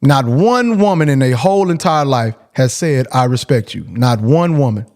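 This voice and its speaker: A man's voice: medium pitch, animated, moderate pace, darkish tone. A man hosting a call-in show, talking casually and bluntly, repeating his points for emphasis. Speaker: host.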